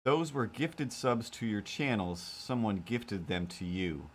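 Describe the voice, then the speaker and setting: A man's voice: on the low side, expressive, unhurried. Rambling self-deprecating male streamer. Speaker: live-stream host and cartoonist. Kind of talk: casual live-stream chat.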